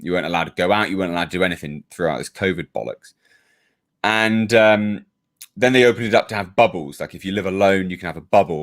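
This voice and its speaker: A man's voice: low voice, fairly bright tone. A British man hosting a casual live stream, reading viewer comments and telling a profane, ranting story about a neighbour. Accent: British English. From United Kingdom. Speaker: YouTube reviewer hosting a live hangout.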